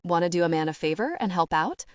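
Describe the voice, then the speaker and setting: A woman's voice: fairly low pitch, lively intonation, quick pace, no room sound, close to an everyday voice. Woman voicing a breezy cheerful surf-shop guy. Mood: cheery. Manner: breezy, upbeat and friendly. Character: cheery easygoing man, surf shop owner.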